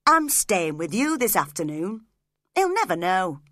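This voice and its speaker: A woman reading the lines of a rough, jealous young man who speaks bluntly and resentfully. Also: mid-range voice, very animated, measured pace, a bit bright, no room sound, clean studio sound.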